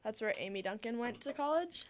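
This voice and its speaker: Young woman from Minnesota, animated storyteller co-hosting a chatty podcast; voice sits a bit high. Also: brisk. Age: young adult. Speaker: podcast co-host. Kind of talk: casual chat.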